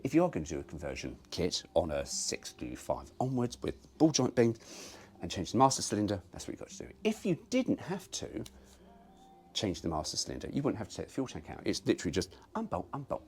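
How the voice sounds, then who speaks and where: Man, low voice, very lively swooping pitch, casual garage vlog, self-mocking. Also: fairly quick. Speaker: car restoration vlogger.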